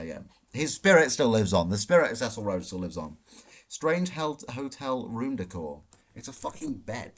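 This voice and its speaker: A brash man rants through a live Q&A stream, swearing freely as he fires back at chat questions. His voice sits a little low for a man. He streams from a hotel room. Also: husky. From Britain. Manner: brash, profane ranting. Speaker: livestream host.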